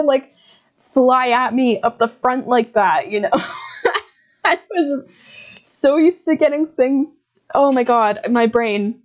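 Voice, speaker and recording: A woman's voice: on the high side, slow, pauses often, dull audio. A woman streaming a horror game, swearing and laughing at her own scares as she comments. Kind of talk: live gameplay commentary.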